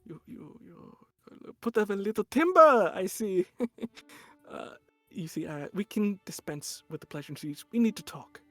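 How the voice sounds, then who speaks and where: A man's voice: high-pitched, sing-song, measured pace, fairly bright tone, no echo, soft background music, heavily acted. A man voicing a confident male guard captain who turns into a stammering, flustered mess around a woman. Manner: stammering, nervous.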